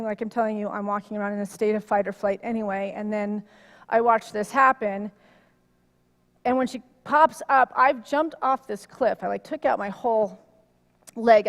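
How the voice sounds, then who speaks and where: A middle-aged woman giving a conversational sermon, telling a personal story in an animated way that rises loud when she gets worked up. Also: fairly high pitch. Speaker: minister. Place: church sanctuary. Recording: long reverb of a hall.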